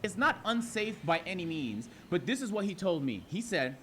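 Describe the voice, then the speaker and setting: A young man telling a story to his live chat as a streamer, animated and profane, acting out his own replies in a hushed voice. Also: sits high, normal speed, few pauses, a little hiss or hum. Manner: animated, profane, talks to chat, acts out his side quietly.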